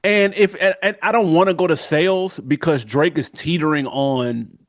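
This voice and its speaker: A man co-hosting a casual podcast, making his points in an animated, opinionated way. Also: a little high, normal speed, dry recording, clean studio sound. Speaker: podcast co-host. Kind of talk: casual chat.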